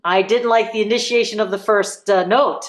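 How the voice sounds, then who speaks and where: A woman's voice: medium pitch, steady tone, moderate pace, reverberant. A woman voice teacher coaching students through vowel exercises, encouraging them and singing examples. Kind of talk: live group voice lesson.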